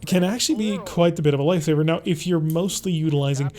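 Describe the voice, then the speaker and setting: A man talking through his game as he plays, relaxed and chatty, thinking aloud. His voice sits a bit high for a man but sounds soft and mellow, never sharp. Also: quick pace. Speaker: host. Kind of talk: let's play gameplay commentary.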